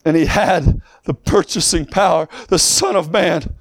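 A man preaching with a high, gravelly voice, his delivery swinging between soft asides and shouted, almost sung lines. He keeps a rhythmic, sing-song preaching cadence throughout. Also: a little slow, no room sound, studio quality. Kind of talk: fiery sermon.

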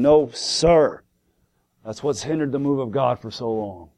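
A man's voice: mid-range voice, normal speed, a little mellow. A man preaching a sermon to a congregation in church, emphatic, asking rhetorical questions and repeating key words.

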